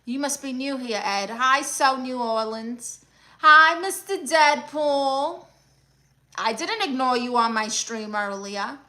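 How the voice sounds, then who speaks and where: A woman playing a brash, sassy aunt who hosts a livestream, reading viewer comments with deadpan scolding. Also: high-pitched, slow pace, full character voice. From Brooklyn, New York. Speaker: comedic livestream host character. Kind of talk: mockumentary livestream comedy.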